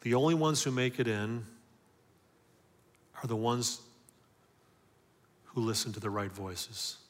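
A man preaching a sermon with emphatic call-and-response questions, swinging from loud, driving lines to hushed ones. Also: medium pitch, slow pace, big-room sound. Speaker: pastor.

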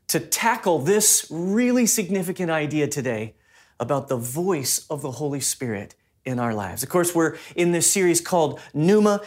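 Conversational male pastor preaching. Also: fairly high pitch. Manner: conversational, personal storytelling. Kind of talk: sermon.

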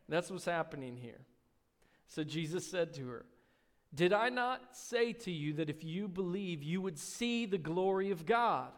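Male pastor, high voice, sermon with scripture reading and asides, church hall reverb. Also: normal speed. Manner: reads scripture aloud, then explains in casual asides; rises in pitch and volume on key lines. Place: church sanctuary.

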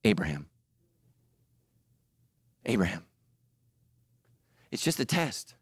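A man preaching a sermon, telling a story with humor and acting out quotes, swinging from loud high bursts to low quiet emphasis. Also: very animated, slow, breathy edge, no echo, clean studio sound. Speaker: pastor.

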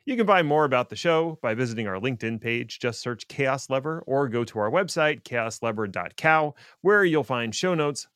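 A man's voice: medium pitch, fairly bright tone, dry recording, studio quality. A middle-aged man co-hosting a casual tech podcast, joking and wandering off on digressions. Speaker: podcast co-host.

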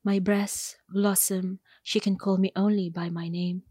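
A woman poet speaks in an unhurried, deliberate cadence, letting each phrase settle before the next. Her voice sits in an ordinary middle register. The recording is close and dry, with no room sound. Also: mid-range voice, little pitch movement, dark tone, no room sound. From Philippines. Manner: slow, measured, deliberate delivery. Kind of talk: poetry reading and interview answers.

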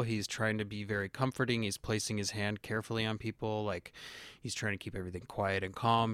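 Lively man hosting a casual chat. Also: fairly low pitch, clean tone, dry recording, clean studio sound. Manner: animated, laughs often, acts out quotes. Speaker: podcast host.

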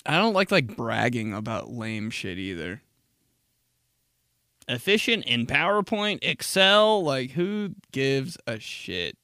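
Young guy podcast host riffing, swears a ton, laughs a lot, bouncy pitch, dry close sound. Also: sing-song, slow, bright, forceful tone, smooth, dry recording. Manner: profane, laughs at his own jokes, jumps into mocking voices. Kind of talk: casual comedic monologue.

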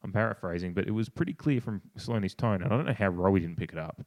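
Speaking quickly in an animated, slightly mellow voice, a man co-hosts a casual podcast full of opinions. He's passionate and swears, keeps restarting his sentences, and imitates other people in a higher voice; there's no room sound.

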